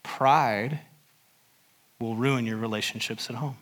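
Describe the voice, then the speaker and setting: A man's voice: mid-range voice, steady tone, slow. A male pastor preaching a sermon at a church service, earnest, driving points home by repeating phrases.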